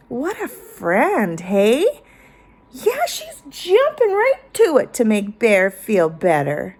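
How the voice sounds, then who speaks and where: A woman teacher reading a picture book aloud to children, expressive and inviting them to join in. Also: medium pitch, very slow, husky.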